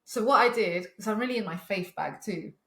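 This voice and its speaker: A woman's voice: mid-range voice, a little fast, a bit bright, echoey room. A woman in her twenties co-hosting a podcast, telling a story in casual chat with swearing and laughs. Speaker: podcast co-host.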